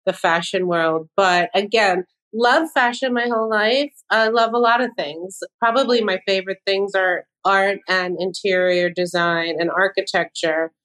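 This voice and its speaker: A woman's voice: medium pitch, unhurried, few pauses, fairly bright tone, rough recording. A woman in her fifties, a fashion designer guest on a podcast, talking in a candid, self-deprecating way. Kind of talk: casual interview chat.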